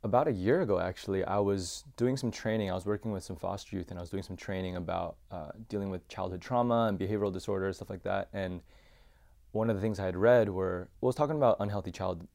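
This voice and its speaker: Male, 30s, deep and gravelly, reflective storyteller, halting. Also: darkish tone. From United States. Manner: reflective, halting, many fillers. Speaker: podcast guest, former youth pastor. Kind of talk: personal storytelling.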